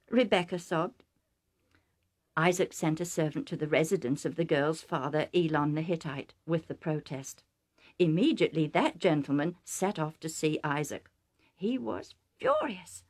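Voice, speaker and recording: A woman narrating a story aloud in an even, measured way. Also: deep voice, soft background music.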